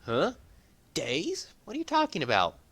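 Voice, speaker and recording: A man doing a high stammering young hero. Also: wildly swooping pitch, moderate pace, fairly bright tone, breathy edge, exaggerated voice. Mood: alarmed.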